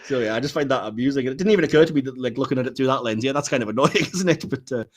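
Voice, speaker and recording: A man's voice: mid-range voice, rapid-fire. A man hosting a casual film podcast, chatting freely, laughing often and trailing off with fillers. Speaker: podcast host.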